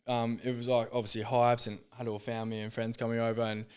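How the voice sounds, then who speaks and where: A man's voice: mid-range voice, monotone, quick pace, a little mellow, clear, resonant tone. A young Australian man, a former footballer, telling stories in casual chat, laid-back, swearing freely and laughing through his anecdotes. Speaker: podcast guest, former footballer.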